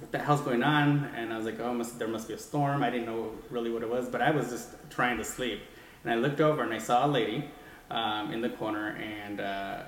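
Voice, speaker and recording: A man telling a ghost story in casual chat, animated and rambling with many restarts. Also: mid-range voice. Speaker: guest sharing a ghost story. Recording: echoey room with long reverb.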